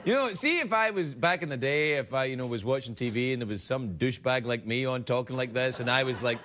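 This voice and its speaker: A man hosting a late-night talk show jokes and rambles through a comic monologue and viewer emails with animated delivery. His mid-range voice moves quickly, with a slight hiss or hum, in a broadcast TV studio where the live audience laughs loudly.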